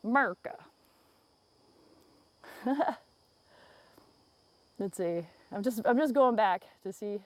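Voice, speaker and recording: A woman's voice: mid-range voice, lively intonation, takes it slowly, long pauses, darkish tone, no room sound. A woman from the United States hosting a rambling, casual livestream outdoors, reading viewer comments aloud and laughing often, speaking into an earbud mic. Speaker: livestream host. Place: outdoors in the woods. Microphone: phone earbud used as microphone.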